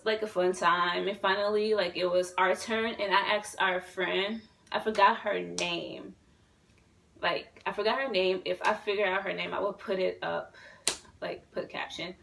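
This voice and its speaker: A woman in her twenties, a vlogger telling a story to camera in a rambling, excitable way, full of fillers and swearing. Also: medium pitch, creaky, recorded from a distance, low-quality recording. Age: 20s.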